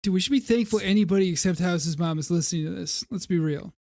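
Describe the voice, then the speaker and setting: Sarcastic high-voiced young man. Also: fast, darkish tone, no room sound, clean studio sound. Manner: sarcastic, teasing. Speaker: podcast co-host. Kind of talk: casual podcast chat.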